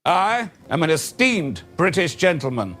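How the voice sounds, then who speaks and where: A man playing a pompous, boastful British gentleman who declaims grandly. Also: on the high side, very animated, a little slow, soft background music, heavily acted.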